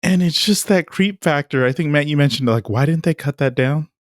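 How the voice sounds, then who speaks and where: A man co-hosting a movie podcast in casual chat, animated and joking. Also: on the high side, brisk, no echo, clean studio sound. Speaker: podcast co-host.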